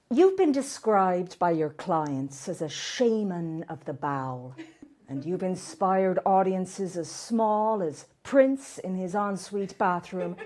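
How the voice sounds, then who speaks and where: A woman's voice: on the low side, a little mellow. A woman playing a beleaguered female talk-show host who is prim, awkward and flustered. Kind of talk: stage comedy sketch.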